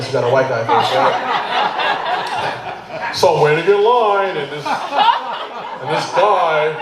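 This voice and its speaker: A man from Hartford, Connecticut, doing a stand-up set with loose, slangy delivery. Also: on the high side. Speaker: stand-up comedian. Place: brewery bar crowd. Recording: echoey room, noisy bar.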